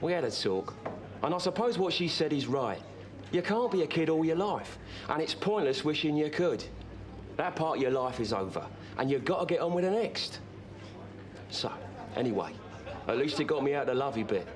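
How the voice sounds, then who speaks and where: A man telling a comic first-person story in a rambling, deadpan, confiding way. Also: on the high side, moderate pace, slight background noise.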